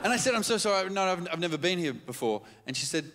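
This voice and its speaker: A man in his thirties performs a live stand-up set, his voice pitched high and swinging widely as he acts out little scenes. The sound carries the long reverb of a large theatre, with clear audience noise underneath. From Australia. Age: 30s. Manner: animated storytelling, quick jumps into quoted voices. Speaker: stand-up comedian. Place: large comedy theatre stage.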